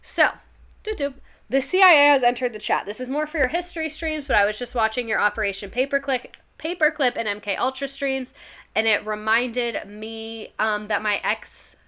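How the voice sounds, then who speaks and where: Young woman, bright tone, chatty streamer, reads stories aloud. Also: a little high, normal speed. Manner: chatty, reads submissions aloud, reacts emotionally. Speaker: streamer reading viewer stories. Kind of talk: casual live-stream chat.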